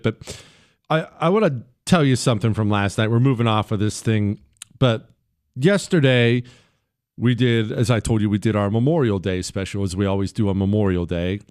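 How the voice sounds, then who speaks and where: A man's voice: medium pitch, smooth, no room sound, studio quality. A man hosting a political talk radio show, speaking bluntly and combatively in a monologue. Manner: blunt, combative, mocks people in put-on voices; turns quiet and subdued when talking about the fallen.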